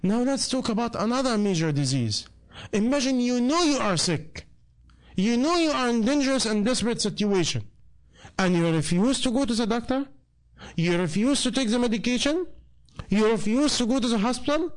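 High-voiced man preaching with pressing questions. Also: expressive, moderate pace. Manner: rhetorical questions put to the audience; non-native English grammar. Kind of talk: sermon.

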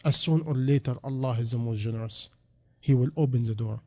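Speaking non-native English in a mid-range voice at a fairly quick pace, a man preaches a sermon. He sinks into quiet reflection and then climbs into loud, emphatic calls.

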